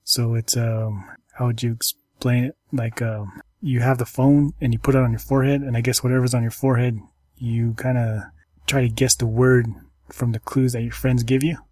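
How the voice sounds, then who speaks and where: A man hosting a casual chat, talking haltingly with many ums and restarts while telling stories and going through apps. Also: medium pitch, little pitch movement, a little mellow, no room sound.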